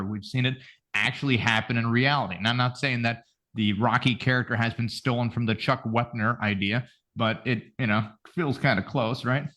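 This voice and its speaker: A man hosting a podcast in casual chat, animated, rambling and swearing freely. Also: mid-range voice. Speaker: podcast host.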